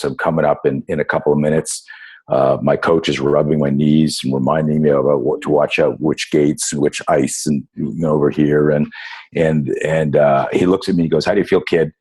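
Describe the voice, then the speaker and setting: A man in his fifties with an extremely deep voice tells stories as a podcast guest. His voice is husky, and he talks in an animated way, full of fillers and restarts. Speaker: guest, self-defense instructor. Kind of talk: casual storytelling interview.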